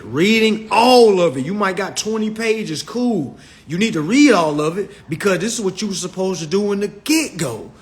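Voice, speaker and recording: A young man hosting a phone livestream, giving blunt, profane instructions on reading contracts and checking in with his viewers again and again. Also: fairly high pitch. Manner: blunt, profane, keeps checking in with "all right?"; repetitive, emphatic preaching tone. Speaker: livestream host teaching consumer law. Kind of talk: casual instructional livestream rant. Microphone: phone on a live stream.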